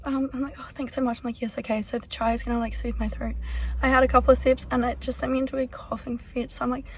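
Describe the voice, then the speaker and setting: A young Australian woman vlogs casually while sick, her voice a little high and worn with hoarseness. She rambles, piling on fillers as she chats to the camera. A faint hiss of background noise sits under the recording. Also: little pitch movement, fast talker, darkish tone. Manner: chatty, rambling with many "like" fillers. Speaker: vlogger. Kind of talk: casual vlog chat to camera.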